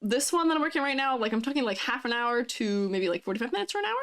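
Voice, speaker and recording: A woman's voice: on the high side, expressive, fast, a bit bright. A young woman streaming casually, playful, laughing often and answering chat. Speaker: vtuber streamer.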